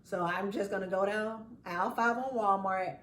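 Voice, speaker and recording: A woman's voice: mid-range voice, normal speed, a little hiss or hum. A woman host, chatting casually and animatedly, often laughing and acting out what others say. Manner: animated, laughing, acts out quotes. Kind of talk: casual chat. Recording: echoey room, far from mic.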